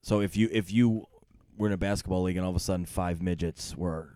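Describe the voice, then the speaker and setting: A man's voice: sits low, steady tone, fast talker, warm tone, no room sound, clean studio sound. A man in casual chat, talking bluntly and swearing freely.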